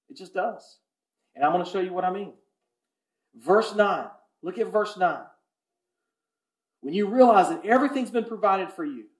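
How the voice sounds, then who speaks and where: A man preaching a sermon as pastor, swinging between hushed, intimate lines and loud, impassioned ones. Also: sits high, echoey room. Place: church sanctuary.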